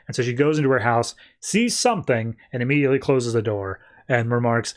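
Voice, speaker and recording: A man's voice: medium pitch, normal speed. A man hosting a podcast, casually recapping comic book issues in a loose, chatty way full of filler words. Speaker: podcast host.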